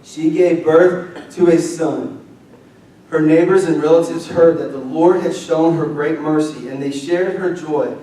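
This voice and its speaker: Young male pastor, lively sermon, mellow voice, distant roomy church sound. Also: a little high, measured pace. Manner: lively, conversational preaching with call-and-response. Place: church sanctuary.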